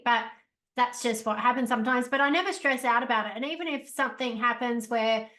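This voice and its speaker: A woman hosting an interview podcast, chatty and quick to laugh, with many casual fillers. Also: a little high, fairly even intonation, fairly bright tone. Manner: chatty, lots of "like", laughs easily. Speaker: podcast host. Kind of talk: interview conversation.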